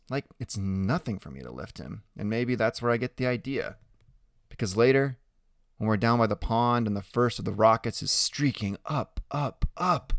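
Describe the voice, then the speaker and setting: A man narrating a first-person audiobook in an animated, expressive storytelling manner. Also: medium pitch, no room sound, clean studio sound.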